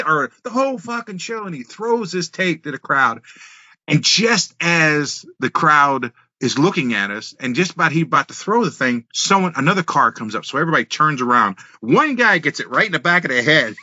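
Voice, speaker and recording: Male podcast guest, bright forceful tone, dry slightly dull lo-fi sound, animated storyteller. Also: on the high side, fairly quick, no echo. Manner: animated, laughing, swears freely. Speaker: wrestling guest. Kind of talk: casual storytelling.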